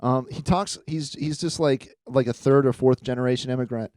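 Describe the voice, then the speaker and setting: A man's voice: mid-range voice, steady tone, a little fast, a little mellow, dry recording, clean studio sound. A man hosting a casual comedy podcast, loose and joking, swearing often. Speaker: podcast host.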